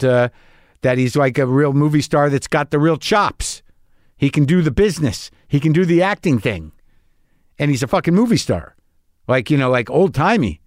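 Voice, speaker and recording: A man's voice: medium pitch, dry recording, studio quality. A middle-aged man hosting a podcast, talking in a candid, rambling, self-deprecating monologue with a lot of profanity. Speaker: podcast host. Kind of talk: casual monologue.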